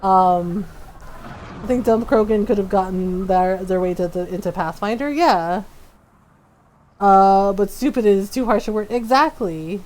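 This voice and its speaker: A woman's voice: mid-range voice, measured pace, a little mellow. A woman chatting casually while live-streaming a game, full of fillers and laughs.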